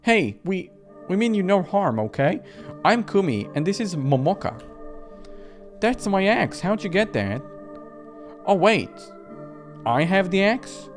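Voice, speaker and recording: A man voicing a brash, foul-mouthed teenage girl who shouts and swears. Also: high voice, sing-song, unhurried, pauses often, faint music behind, pitched above the performer's own voice. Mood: frantic.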